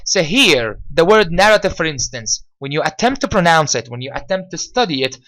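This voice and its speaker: A man with an Egyptian accent teaches English vocabulary, his voice sitting a little higher than most men's. He drills each word with repeat-after-me rounds. He restates every point in several ways, at a deliberate teaching pace. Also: very animated, bright, forceful tone, rough recording. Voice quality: deliberate, repetitive delivery, rephrasing each point several times.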